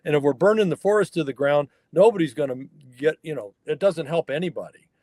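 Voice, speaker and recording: A man's voice: a little high, fairly quick, darkish tone, no room sound. A man, a wild horse researcher from the northern California mountains, telling a story as a guest on a remote interview and acting out the people he quotes.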